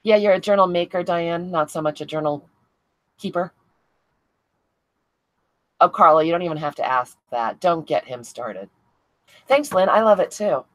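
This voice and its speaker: A woman's voice: lowish voice, expressive, normal speed, long pauses, no room sound, low-quality recording. A woman hosting a casual crafting livestream, chatting and laughing as she answers viewers by name. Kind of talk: casual livestream chat reading viewer comments.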